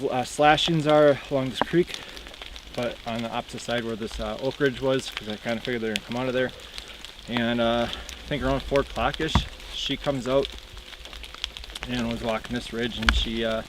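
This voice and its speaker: A man with an Upper Midwest accent casually telling how his day of hunting went, rambling with lots of ums. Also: medium pitch. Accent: Upper Midwest American. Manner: relaxed, rambling, many ums and uhs. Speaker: fellow hunter. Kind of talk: casual recounting of the hunt. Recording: rainy outdoor noise.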